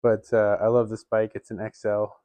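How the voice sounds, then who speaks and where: A man's voice: on the low side, monotone, moderate pace, mellow, no echo. A man talking casually about his bikes in a home garage vlog, rambling and laughing often. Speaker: bike vlogger.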